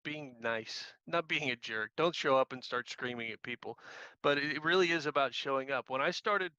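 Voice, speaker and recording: A man telling a casual, self-deprecating anecdote as a podcast guest, leaning on repeated phrases to make his point. His voice is bright and forward. The sound is dry and a bit dull, as if recorded on a modest mic. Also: medium pitch, normal speed, smooth, no room sound. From Missouri. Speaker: guest, activist trainer. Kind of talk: casual storytelling.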